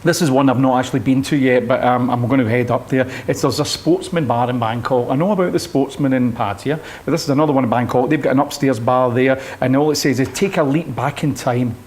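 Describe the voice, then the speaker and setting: A man's voice: medium pitch, fairly quick, hardly any pauses, a little mellow. A man co-hosting a listings show, chatting in a light-hearted, playful way. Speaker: co-host. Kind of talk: casual chat.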